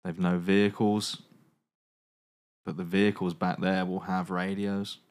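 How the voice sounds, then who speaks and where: A man's voice: low-pitched, little pitch movement, a little slow, a little mellow. A man hosting a comedy podcast, reading a choose-your-own-adventure story aloud with dramatic narration broken by jokes.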